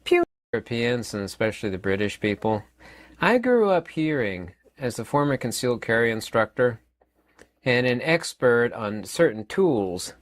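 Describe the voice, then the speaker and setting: A man's voice: medium pitch, sing-song, moderate pace, no echo, clean studio sound. A man in his fifties giving a rambling, emphatic opinion monologue as a channel host, often repeating words and using fillers. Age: 50s.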